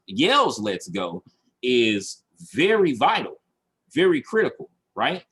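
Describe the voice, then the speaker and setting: A man coaching a training session over a video call, animated and repeating his points for emphasis. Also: medium pitch, husky. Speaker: marketing coach. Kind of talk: recorded online training session.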